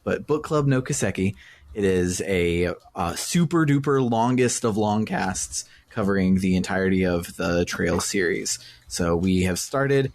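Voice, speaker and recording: A male podcast host with a lowish voice talks in a loose, rambling way. He fills his sentences with plenty of hesitations and keeps the tone easy and casual. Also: expressive, measured pace, hardly any pauses. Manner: laid-back, rambling with many fillers.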